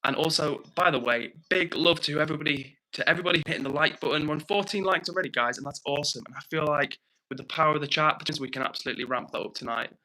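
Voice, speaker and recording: A young British man hosting a livestream, chatting casually, reading out viewer comments and thanking people warmly. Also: fairly high pitch, fast talker, rough recording. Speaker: livestream host.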